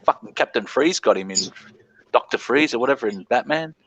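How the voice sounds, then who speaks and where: Bright-voiced man telling profane stories. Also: medium pitch, lively intonation, fairly quick, husky, poor audio. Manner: profane, laughing storyteller. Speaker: panel host. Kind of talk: casual live-stream chat.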